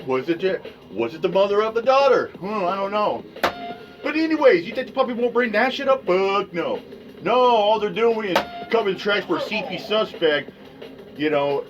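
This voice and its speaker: A man hosting his own podcast, ranting casually in a rambling, profane way that swings between mutters and loud outbursts. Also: high voice, animated, normal speed. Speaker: podcast host. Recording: dull lo-fi sound with faint music.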